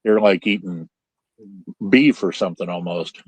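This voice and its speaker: A man's voice: deep voice, measured pace, breathy edge, no room sound. An older man from central Illinois hosting a podcast over a video call, telling rambling folksy stories full of restarts. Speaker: podcast host. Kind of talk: casual chat. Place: home trailer. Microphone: Starlink video call.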